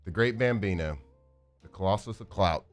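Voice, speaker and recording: A man co-hosting a sports talk radio show, reading off trivia with playful, animated delivery. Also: deep voice, normal speed, faint music behind. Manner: reads trivia list with playful old-timey voice bits. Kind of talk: casual sports radio banter.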